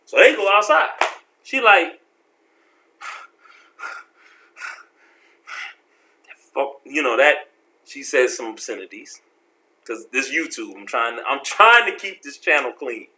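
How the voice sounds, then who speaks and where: A man telling a story from his life in a casual vlog, slangy and animated, acting out the people in it. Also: medium pitch, slow, pauses often. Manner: animated, slangy, acts out voices.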